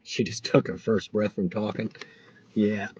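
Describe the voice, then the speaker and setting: A man's voice: lowish voice, flat delivery, a little slow, darkish tone, lo-fi sound, a little hiss or hum. Chatty man, crickets behind. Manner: rambling, chatty, talks to viewers. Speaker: delivery driver livestreaming. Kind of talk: casual livestream chat. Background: faint crickets and insects.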